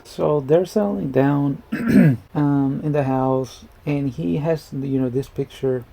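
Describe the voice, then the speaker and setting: Gravelly, dark-voiced man riffing on a movie. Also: on the high side, takes it slowly. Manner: rambling, joking, restarts often. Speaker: movie reaction vlogger. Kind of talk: casual movie commentary. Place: indoors at home.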